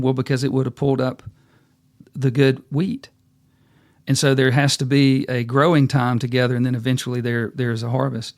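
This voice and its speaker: A man with a gravelly voice tells a fable and turns it into a life lesson, plain-spoken and folksy. The sound is dry and close, with no room in it. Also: medium pitch, steady tone, moderate pace, dry recording. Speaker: host and speaker. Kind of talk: storytelling talk with sermon-like lessons.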